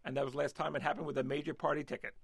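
A man's voice: on the high side, flat delivery, very fast, gravelly, fairly bright tone, slightly rough, dry recording, studio quality. A man talking politics as an analyst on a radio talk show, hesitant with many fillers and restarts.

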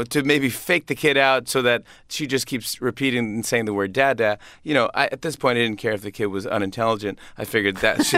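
A man's voice: mid-range voice, bright, forceful tone, no room sound, clean studio sound. A man, a comedian guest, chatting casually in an interview, laughing often and restarting his sentences.

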